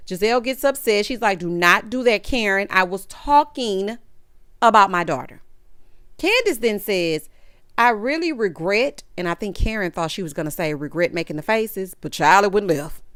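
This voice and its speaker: A woman's voice: on the high side, fairly bright tone, smooth, no room sound, clean studio sound. A woman giving a sassy, opinionated recap of a reality show in casual chat. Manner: sassy, opinionated, talks straight to the cast. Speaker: recap vlogger.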